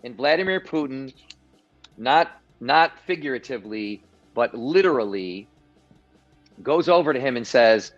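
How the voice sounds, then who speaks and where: A man's voice: mid-range voice, expressive, unhurried, pauses often, dull audio, soft background music. A man guesting on a livestream, telling stories animatedly with frequent restarts over a video call. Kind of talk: political commentary on a livestream.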